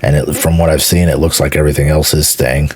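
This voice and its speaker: A man's voice: a bass voice, level tone, fast, a little mellow, breathy edge. A man from Houston, Texas, a gaming streamer, gives a casual, enthusiastic reaction to a game trailer, rambling, repeating words and swearing casually.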